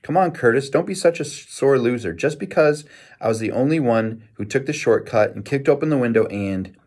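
A man's voice: mid-range voice, moderate pace, dark tone, close to an everyday voice. A man voicing a brash, gloating young boy who is the youngest of his brothers, in a storybook reading.

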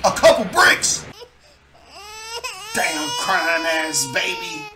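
A man doing a loud, hot-tempered cartoon loudmouth. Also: a little high, huge pitch swings, drawn-out words, noisy background, exaggerated voice. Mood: scolding. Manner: shouting, scolding, slangy. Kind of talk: comedic cartoon voice acting. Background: background music.

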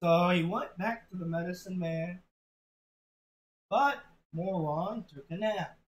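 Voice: medium pitch, slow, poor audio. A storyteller giving an unpolished, crude, offhand telling of a joke story in a casual spoken way.

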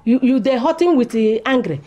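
An actress speaking Nigerian Pidgin, playing a blunt, sharp-tongued village mother. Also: on the high side, expressive, fairly quick, a little hiss or hum, lightly acted. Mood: mocking. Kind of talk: comedic film acting.

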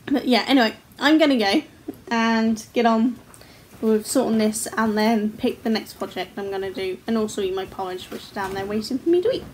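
A woman's voice: on the high side, brisk, a little hiss or hum. A woman in her forties, chatting casually to camera at home about her crochet, laughing often and swearing freely. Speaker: crochet vlogger. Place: at home, indoors.

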